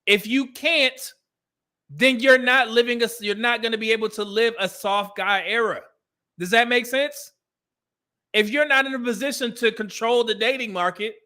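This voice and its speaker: Hosting a livestream, a man reacts to a clip with blunt, exasperated remarks and keeps calling his viewers "brother." His voice is very high-pitched with a sharp edge.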